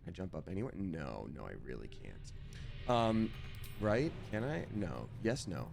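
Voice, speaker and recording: A man's voice: low voice, very animated, a little slow, gravelly, over music. A man streaming a video game, chatting casually and telling a story while he acts out both sides of a conversation.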